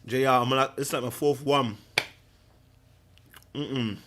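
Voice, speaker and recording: A man's voice: medium pitch, fairly even intonation, takes it slowly, a bit bright, slight background noise. Guy rambling on a casual stream, slangy, repeats himself a lot. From Britain. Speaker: podcast host. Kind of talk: casual livestream chat.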